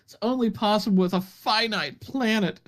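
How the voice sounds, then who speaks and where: High-voiced man reading mock-earnestly. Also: normal speed, fairly bright tone. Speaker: podcast co-host. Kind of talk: casual chat, reading a text aloud. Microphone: online voice call.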